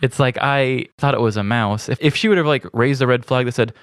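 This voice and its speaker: A man co-hosting a podcast, telling a story in a wry, deadpan way. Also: mid-range voice, a little fast, smooth, no echo, studio quality. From grew up on a farm. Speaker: podcast co-host. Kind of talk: casual storytelling chat.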